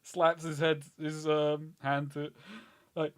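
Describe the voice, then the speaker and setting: A man's voice: on the high side, level tone, slow, clean tone. A man playing a tabletop game, voicing his character with theatrical flair. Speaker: player.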